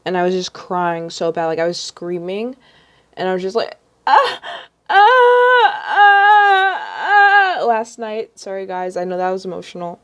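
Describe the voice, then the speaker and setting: Young woman vlogger, rambling livestream chat, lowish voice, lots of ums. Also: fairly even intonation, fairly quick, darkish tone, clear, resonant tone, highs cut off. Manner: rambling, many ums and restarts.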